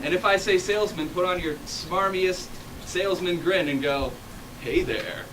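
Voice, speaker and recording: Man hosting an improv show, playful, a bit high pitched, heard from afar on a noisy stage. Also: steady tone, normal speed. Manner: playful, upbeat, coaxing the crowd. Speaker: referee and host of an improv show. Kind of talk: addressing a live audience. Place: theater stage. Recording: distant, noisy live room.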